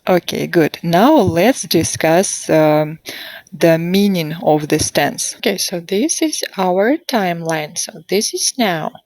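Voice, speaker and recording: A woman gives a demo grammar lesson, speaking at a very unhurried pace and drawing out each model sentence for her students to repeat. Her voice sits a little low and is recorded dry and close, with no room sound. She checks answers with short, encouraging prompts. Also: lively intonation, darkish tone, no echo. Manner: slow, deliberate modelling of sentences for repetition. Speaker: English teacher. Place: online class.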